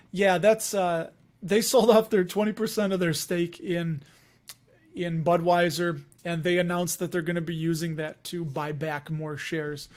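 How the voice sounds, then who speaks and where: Chatty Chicago man with a high voice. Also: darkish tone. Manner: rambling, chatty, laughs often while talking to viewers. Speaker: investing livestream host. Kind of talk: casual livestream chat.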